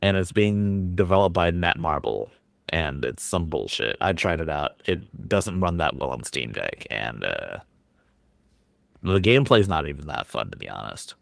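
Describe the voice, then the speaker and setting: Deep gravelly man, dry close sound. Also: very animated, moderate pace, no room sound. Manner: blunt, frank, swears casually. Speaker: podcast co-host. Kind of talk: casual gaming chat on a live stream.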